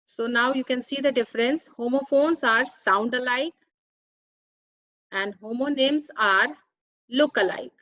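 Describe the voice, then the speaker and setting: A woman's voice: sits high, pushed and bright, no echo, low-quality recording. A woman teaching an English grammar lesson, carefully reading out words and their meanings one by one. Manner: careful, deliberate, reads out word meanings one by one. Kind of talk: slow explanatory grammar lesson.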